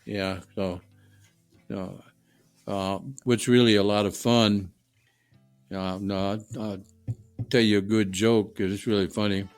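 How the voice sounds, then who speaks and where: A man's voice: lowish voice, level tone, takes it slowly, long pauses, clean tone, no echo, soft background music. A man with a New Orleans accent, a guest telling folksy, rambling stories at home. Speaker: guest, HVAC contractor. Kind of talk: casual storytelling. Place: home dining room.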